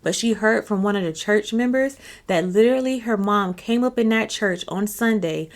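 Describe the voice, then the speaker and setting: A woman spins a long story for her channel in a loose, conversational voice, often stopping to check that the listener is following. Her pitch sits in a middle range, neither high nor low. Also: normal speed. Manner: chatty, keeps checking in with the listener. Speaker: channel host. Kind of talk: casual storytime narration.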